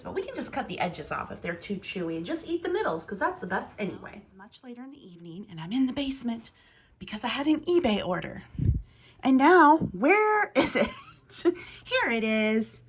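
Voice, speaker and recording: Woman vlogger, lively up-and-down pitch, chatty and rambling, home kitchen. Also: normal speed, a little hiss or hum. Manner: rambling, chatty, thinking aloud. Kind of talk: casual home vlog chat.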